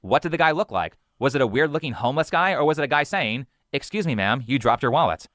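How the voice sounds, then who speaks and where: A man's voice: medium pitch, animated, fast, a bit bright, dry recording, clean studio sound. A man narrating a commentary video in an argumentative, skeptical, lecturing way.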